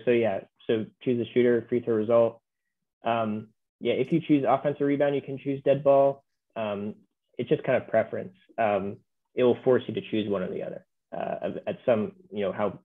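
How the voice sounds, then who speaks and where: A man walking through software in a webinar, relaxed and full of fillers. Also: medium pitch. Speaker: software trainer. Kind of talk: webinar walkthrough. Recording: tinny phone-like line.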